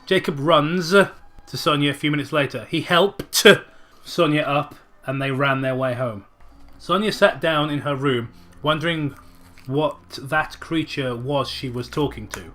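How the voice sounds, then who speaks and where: A man's voice: on the high side, a little slow, a bit bright. A young man reading a badly written horror story aloud for laughs, mocking its grammar and swearing often. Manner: sarcastic, mocking the writing, swears a lot. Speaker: podcast co-host reading a story. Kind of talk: comedic dramatic reading with banter.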